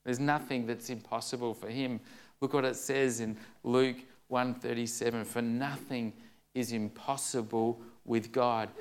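A middle-aged male pastor preaching an earnest, conversational sermon with touches of humor. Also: mid-range voice.

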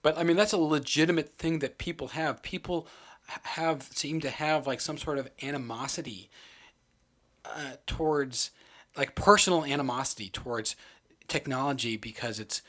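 A man co-hosting a casual film discussion, animated, swearing and acting out quotes. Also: on the high side, moderate pace. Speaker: film podcast co-host.

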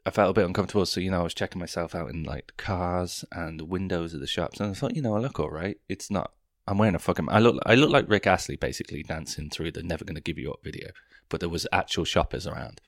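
A young man in London hosts a podcast, delivering a profane, self-mocking comic monologue that rambles through one tangent after another. His voice sits low and creaky, and he talks quickly. The studio-quality recording has no echo.

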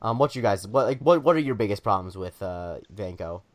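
A man's voice: lowish voice, lively intonation, fairly quick. A man co-hosting a casual group discussion, opinionated and emphatic, often stumbling and restarting his sentences.

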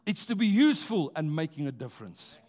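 A man preaching a rousing sermon in a church, slowing down for emphasis and calling on the congregation to respond. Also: fairly high pitch, sing-song, darkish tone.

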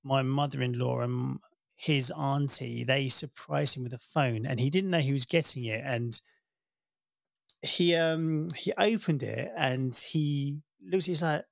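A man in his thirties chatting casually, telling a warm family story and acting out the voices he quotes. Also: mid-range voice, a little slow, gravelly, no echo, clean studio sound. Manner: warm storytelling, animated when quoting. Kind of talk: casual chat.

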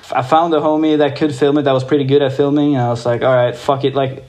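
A young man from Norway, a guest skateboarder, telling a story in a casual, excited way, swearing freely and using lots of fillers. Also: medium pitch, fast.

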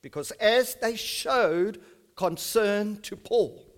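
A man in his fifties preaching a sermon to his church, reading scripture slowly and emphatically, then dropping his voice to soft asides. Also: sits high. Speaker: pastor. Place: church service.

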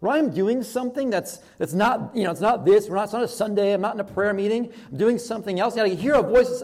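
A male pastor giving a sermon in a relaxed, conversational way, often acting out people's inner thoughts and repeating words as he goes. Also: high voice, quick pace, few pauses. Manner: conversational, animated, with many restarts and acted-out inner thoughts.

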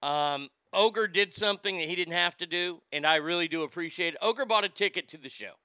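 A man hosting a casual morning live stream, reading out chat messages with loud, animated swearing. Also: high-pitched, brisk, clear, resonant tone, no echo, clean studio sound.

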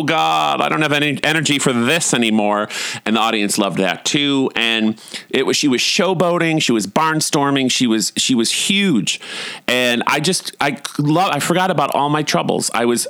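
A middle-aged man telling a long personal story in a casual, animated way, rambling, swearing freely and laughing at himself. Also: on the low side, dry recording.

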